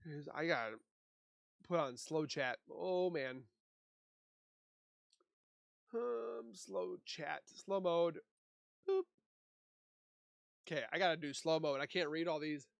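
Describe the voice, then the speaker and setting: Speaking slowly with long pauses, this livestream host from Minnesota has a slightly high, creaky voice with lively intonation and no echo. He's chatty, reading out viewer comments and responding to them through a desk mic.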